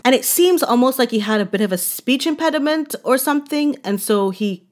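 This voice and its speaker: A woman's voice: sits high, animated, fairly quick. A woman from Barbados hosting a casual commentary vlog, chatty and gushing, with playful asides. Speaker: commentary channel host.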